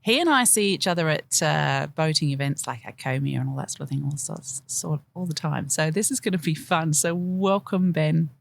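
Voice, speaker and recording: Lively low-voiced woman podcast host. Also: normal speed, creaky, hardly any pauses. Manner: upbeat, enthusiastic, laughs easily. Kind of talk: podcast intro and interview.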